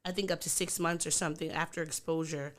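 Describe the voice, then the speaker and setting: A woman co-hosting a podcast, talking candidly in casual chat and getting animated when she teases her co-host. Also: low-pitched, fast talker.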